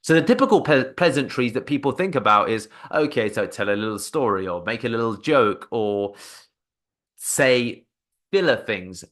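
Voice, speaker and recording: A man's voice: mid-range voice, expressive, moderate pace, fairly bright tone. A man teaching cold-calling technique with energy, breaking off to act out sample phone phrases. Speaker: sales coach. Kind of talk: instructional talk to camera.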